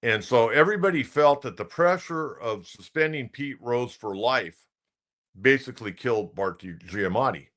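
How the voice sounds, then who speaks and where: A man's voice: mid-range voice, animated, moderate pace, a bit bright. A middle-aged man, a sports talk radio host, telling a rambling baseball anecdote in casual commentary.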